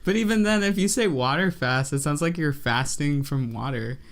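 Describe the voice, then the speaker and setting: Young man, co-host, gravelly voice, dry, teasing, skeptical, casual chat. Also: on the high side, normal speed, fairly bright tone. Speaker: podcast co-host.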